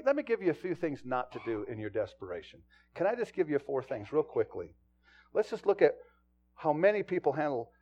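A man preaching a sermon in a fairly high voice. He shifts between quiet, reflective stretches and loud, urgent passages. The recording sounds dull and lo-fi. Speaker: pastor and police chaplain.

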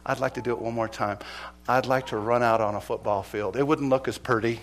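A middle-aged male pastor preaching a sermon, swinging from loud exhortation to hushed, earnest appeals. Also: mid-range voice, steady tone, fairly quick, slight background noise.

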